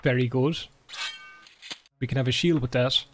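A man streaming a game live, swearing, laughing and reading in-game books aloud with excitement. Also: medium pitch, fairly quick, creaky, soft background music. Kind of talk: live gameplay commentary.

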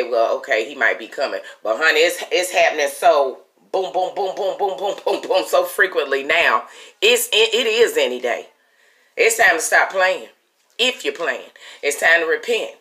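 Bright-voiced woman vlogger, emphatic. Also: sits low. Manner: emphatic, repeats herself, calls viewers "honey" and "y'all"; laughs often while talking. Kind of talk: casual religious talk to viewers.

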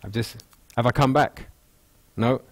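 An English pastor with a mid-range voice preaches an expository sermon in a church hall, speaking a little slowly. He talks conversationally and acts out people's thoughts as quotes, heard through the speakers on a wireless mic.

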